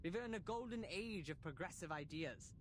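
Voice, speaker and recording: A pompous, declamatory game character giving a showy eulogy. His voice sits a bit high for a man, theatrical and grand, with a faint rumble underneath. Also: animated, brisk. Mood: grandiose. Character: grandiose male mourner giving a florid eulogy. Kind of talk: game voice acting.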